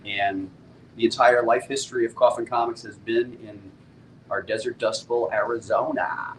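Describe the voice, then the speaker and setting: A middle-aged man talks casually with his viewers on a live stream, upbeat and full of laid-back slang. His voice sits in an ordinary mid range. A faint rumble hums underneath. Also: steady tone, moderate pace, poor audio. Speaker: comic book publisher hosting a live stream.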